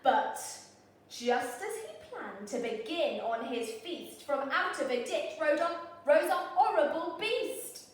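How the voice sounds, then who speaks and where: A woman teacher reading a picture book aloud in a lively, expressive, sing-song way. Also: high-pitched, slow, distant mic. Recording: very echoey room, voice off-mic.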